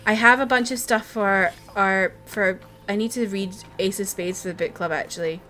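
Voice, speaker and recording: A woman streaming a video game, giving casual live commentary, chatty and quick to swear and shout when frustrated. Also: medium pitch, a little hiss or hum.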